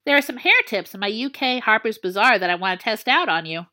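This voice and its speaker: A fussy, witty teenage boy with a cold, as a woman reads him, delivering arch, dry remarks. The voice stays high and bright, with plenty of rise and fall. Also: expressive, fast talker.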